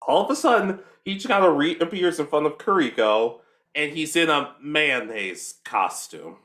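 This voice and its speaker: Young male co-host with a lively, swinging delivery, dropping into quick voices for the characters as he recaps. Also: on the high side. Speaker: podcast co-host. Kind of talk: casual recap of an anime episode.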